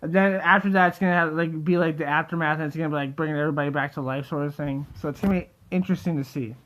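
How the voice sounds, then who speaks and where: Young male host, high-pitched, rambling and excitable, casual delivery with constant fillers. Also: rapid-fire, muffled recording. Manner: rambling, full of "like" and restarts, excitable. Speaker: theory video host. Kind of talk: casual solo monologue.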